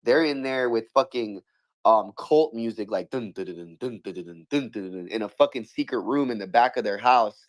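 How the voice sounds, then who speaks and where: A man's voice: on the low side, moderate pace. A man telling a long story in casual chat, swearing a lot, stumbling over restarts and acting out what others said. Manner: animated, profane, many restarts, acts out quotes.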